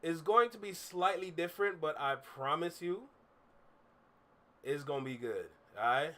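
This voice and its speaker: Bright-voiced young man chatting on stream. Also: on the high side, unhurried. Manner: candid, rambling, repeats himself with frequent fillers. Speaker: streamer reacting to music. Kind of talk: casual live-stream chat. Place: his room.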